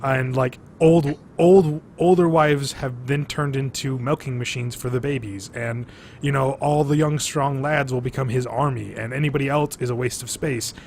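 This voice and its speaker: A man's voice: mid-range voice, steady tone, moderate pace, darkish tone, a little hiss or hum. A man co-hosting a casual podcast chat over drinks, talking animatedly, swearing freely and using lots of fillers. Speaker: podcast co-host.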